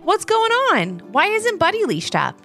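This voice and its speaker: A woman's voice: very high voice, wildly swooping pitch, measured pace, sharp tone, soft background music, voice pushed up, heavily acted. A woman voicing a kind, cheerful mother in a children's story.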